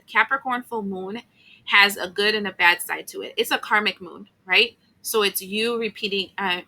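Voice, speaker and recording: A woman's voice: medium pitch, pushed and bright, rough recording. A woman giving a casual, chatty tarot reading, emotional at times, with many fillers and asides. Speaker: tarot reader.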